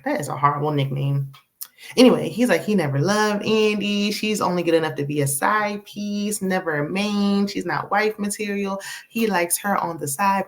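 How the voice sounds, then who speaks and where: Woman, TV recap host, sassy, animated, acts out lines, lowish voice. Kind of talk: casual TV episode recap.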